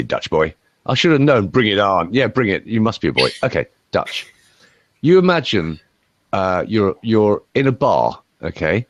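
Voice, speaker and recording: Lively, low-voiced man voice coach. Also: no room sound, lo-fi sound. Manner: playful, rambling, talks straight to a viewer. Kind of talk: lively demonstration talk.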